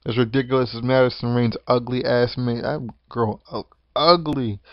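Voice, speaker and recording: A man's voice: mid-range voice, fairly even intonation, normal speed, no room sound. A man giving a profane, rambling rant about wrestling, full of swearing and restarts. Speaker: wrestling commentary vlogger. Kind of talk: profane ranting monologue. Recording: dull lo-fi dry recording.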